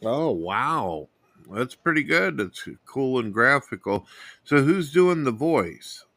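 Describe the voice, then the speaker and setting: A man's voice: mid-range voice, sing-song, slow, a bit bright. A man hosting a casual talk show, blunt and plain-spoken as he chats with a guest. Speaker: host. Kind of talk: casual chat.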